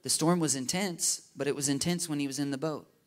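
A man preaching a sermon in a casual, animated way, often checking in with his listeners with "right?" and "you know?". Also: on the high side, fairly quick. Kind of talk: conversational sermon.

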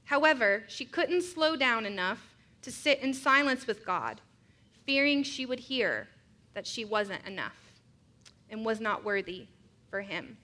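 A woman's voice: on the high side, bright, forceful tone. A woman preaching a sermon, earnest and reflective, mixing scripture with personal stories.

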